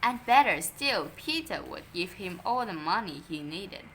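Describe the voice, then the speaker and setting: A woman reading a children's story aloud in an expressive, unhurried way. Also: fairly low pitch, a little hiss or hum.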